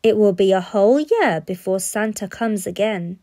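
A woman's voice: medium pitch, moderate pace, dark tone, natural voice. A woman voicing a nervous rich father who is afraid of his son, in a storybook read-aloud. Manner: nervous, gasping.

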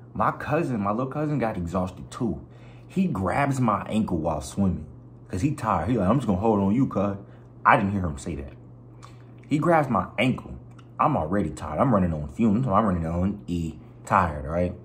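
A young man vlogging, telling a story in a slangy, expressive way and acting out other people's voices and sounds. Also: sits low, a little hiss or hum. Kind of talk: animated storytelling.

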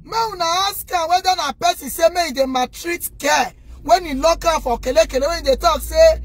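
A Nigerian woman rants straight to the camera with a very high, piercing voice. She scolds loudly and indignantly and keeps turning to her viewers to take her side. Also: fairly quick, noisy background. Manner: scolding, loud and indignant, addressing viewers directly. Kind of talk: impassioned rant to the camera.

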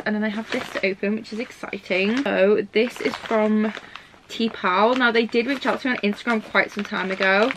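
A woman's voice: medium pitch, background noise. A young woman vlogging about books to camera at home, chatty and gushing, full of "like" and "um". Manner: chatty, fills talk with "like" and "um"; gushing, squeals with delight. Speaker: book vlogger. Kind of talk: casual chat to camera. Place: home library room. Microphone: camera mic.

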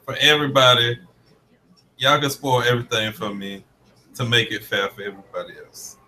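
A man's voice: medium pitch, moderate pace, bright, forceful tone, slight background noise. A man on a podcast chiming in with short, dry remarks in casual chat.

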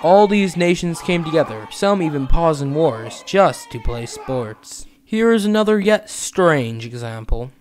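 A man's voice: on the high side, animated, a little slow, few pauses, darkish tone. A man narrating a school project, reading his script plainly.

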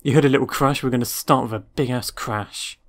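Man, let's play commentary, sarcastic, swears a lot, mid-pitched voice. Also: steady tone, fairly quick, soft background music. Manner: sarcastic, swears freely, talks to the game. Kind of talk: casual gameplay commentary.

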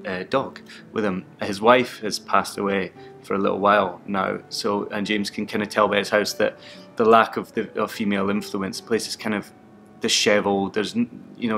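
A young man retells stories casually, chuckling and acting out quotes. His voice sits a bit low, and soft guitar music plays faintly behind. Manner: animated, laughs often, acts out quotes. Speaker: actor and audiobook narrator.

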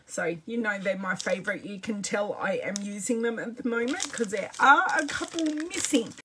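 A woman's voice: mid-range voice, moderate pace, noisy background. A middle-aged Australian woman hosting a casual crafting livestream, chatting and greeting viewers by name as she works. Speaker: craft demonstrator livestream host.

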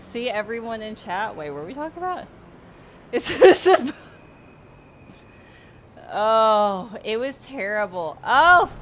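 A young Southern streamer from Mississippi races sims at home and chats casually with her audience, with frequent laughter and occasional swearing. A desktop USB mic picks up her mid-range, fairly bright voice over slight background noise.

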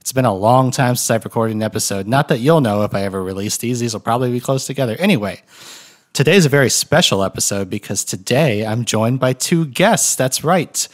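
A man's voice: medium pitch, animated, fairly quick. A man hosting a casual podcast, rambling and correcting himself with a joking tone. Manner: rambling, self-correcting and jokey. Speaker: podcast host. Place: room shared with guests.

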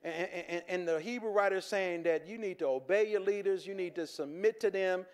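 A pastor preaching in a high voice. He talks to the congregation like a friend, with repeated restarts and chuckles, and turns earnest when he makes his point. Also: brisk. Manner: conversational, with stammered restarts and chuckles, shifting from joking to earnest. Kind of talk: sermon.

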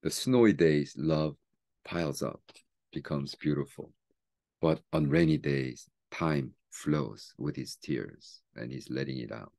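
A man, a seminary teacher and pastor, chatting casually about a book and reading its poems aloud slowly and softly. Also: very deep voice, creaky. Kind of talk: book talk with poetry reading.

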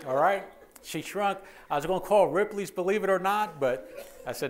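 A man's voice: high-pitched, moderate pace. A man, a police officer giving a training lecture, joking and telling stories, often repeating words and checking in with the audience. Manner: lively, joking storyteller who repeats words and checks in with "okay?".

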